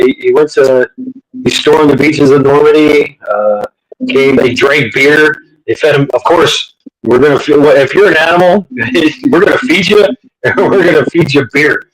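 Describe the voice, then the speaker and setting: A man's voice: medium pitch, rough recording. Crude, rambling middle-aged man host. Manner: crude, rambling storyteller with many restarts. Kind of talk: casual livestream chat.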